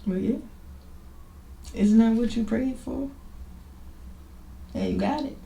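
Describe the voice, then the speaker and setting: A woman's voice: fairly high pitch, slow, creaky, warm tone. A woman hosting a podcast, talking informally and emphatically about her own life in a reflective, confessional way. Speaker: podcast host. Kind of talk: personal confessional talk. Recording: echoey room with faint noise.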